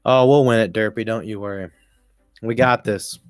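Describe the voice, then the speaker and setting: This man streams laid-back baseball commentary live, laughing as he talks, wandering off topic, and cursing frequently. His lowish voice is smooth and steady at a moderate pace, with no room sound.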